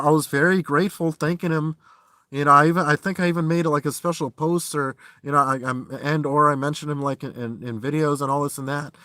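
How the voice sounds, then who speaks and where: A man live-streaming from inside his van, ranting angrily and swearing, his voice swinging between loud outbursts and low, tired muttering. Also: no echo. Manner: heated and profane, swings from shouting to low muttering. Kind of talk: angry live-stream rant.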